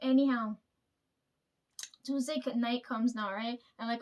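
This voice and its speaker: Twenty-something woman, high voice, chatty profane storytime vlog, laughs through her lines. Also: steady tone, measured pace, long pauses, darkish tone. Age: 20s. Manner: rambling, swears a lot, keeps asking "right?"; laughs often mid-sentence. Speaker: vlogger. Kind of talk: casual storytime.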